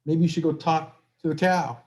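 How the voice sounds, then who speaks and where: Man as a polite storybook pig, voice pitched up, apologetic. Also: steady tone, normal speed, a little mellow, lightly acted. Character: sympathetic but unhelpful farm pig.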